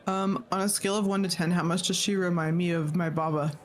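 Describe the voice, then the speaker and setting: A man's voice: high voice, fairly even intonation, fast talker. A man playing a tabletop game, speaking politely and hesitantly in character. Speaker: player.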